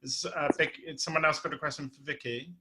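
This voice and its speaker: A man's voice: a little high, fairly even intonation, fast talker, noisy background. A man with an Essex accent hosting an online playwriting Q&A, talking casually with many restarts. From England. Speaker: theatre director hosting a Q&A. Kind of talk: casual online workshop chat.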